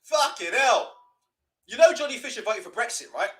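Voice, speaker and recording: Young man, casual stream host, sweary and mocking, high, lively voice. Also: normal speed. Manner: sweary, mocking, laughs a lot. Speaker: livestream host. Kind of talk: casual live boxing watch-along commentary.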